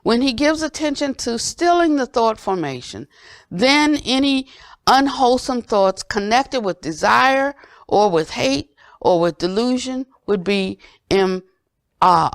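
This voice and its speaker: An older woman teacher giving a dharma talk, earnest and gently questioning, often dropping to soft low tones. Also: no room sound, clean studio sound. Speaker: Buddhist teacher.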